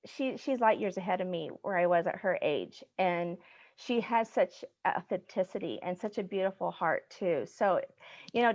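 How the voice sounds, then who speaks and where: A woman's voice: mid-range voice, no echo. Earnest middle-aged woman on a lo-fi call. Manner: earnest, excitable, gets choked up. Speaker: guest, business owner. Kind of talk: emotional personal story in a casual chat.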